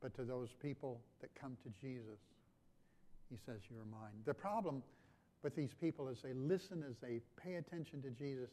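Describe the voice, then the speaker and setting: A man preaching a sermon as pastor, dropping to quiet lines and then rising to loud, emphatic ones, often repeating his phrases. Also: medium pitch, moderate pace.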